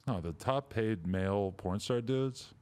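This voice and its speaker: Casual crude banter from a young male podcast host, very low voice, blunt and laid-back, tossing out jokey questions. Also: a little slow, dark tone.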